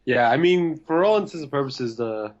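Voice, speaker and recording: A young man who is a podcast guest, talking in a relaxed, easygoing way with plenty of hesitations. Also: medium pitch, moderate pace. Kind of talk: casual chat. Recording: slightly dull, lo-fi sound.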